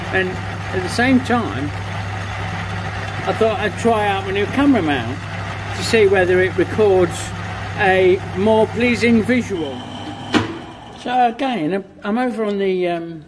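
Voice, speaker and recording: Man in his fifties, fairly high voice, casual workshop commentary, blunt and sweary, faint clicking behind. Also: background noise. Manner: chatty and blunt, swears freely. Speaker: custom motorcycle builder and tattooist.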